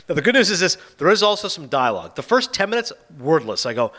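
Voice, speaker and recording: Fast-talking animated male film reviewer. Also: high voice. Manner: animated, sarcastic retelling of plots. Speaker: podcast host reviewing films. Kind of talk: casual chat.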